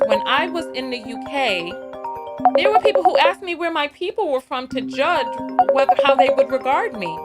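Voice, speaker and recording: A woman with a fairly high voice hosts a live call-in show. She talks in a loose, conversational way that wanders from point to point. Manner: conversational, digressive, animated.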